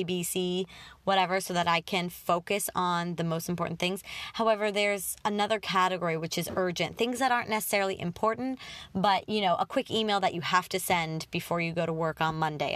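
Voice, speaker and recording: A woman's voice: on the low side, a bit bright. A woman in her twenties hosting a self-help podcast in a chatty, self-deprecating way with many fillers. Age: 20s. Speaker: podcast host. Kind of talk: casual self-help talk.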